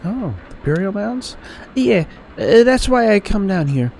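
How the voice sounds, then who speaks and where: A man voicing a young woman who is a traveling earth artist, friendly and a little hesitant, in a strained falsetto attempt at a female voice. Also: very animated, unhurried, creaky, warm tone, a little hiss or hum. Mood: enthusiastic.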